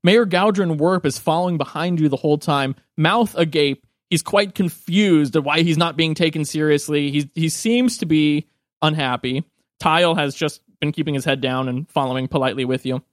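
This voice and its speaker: A man narrating a tabletop game as game master, lively and quick to laugh. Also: on the high side, dry recording, clean studio sound.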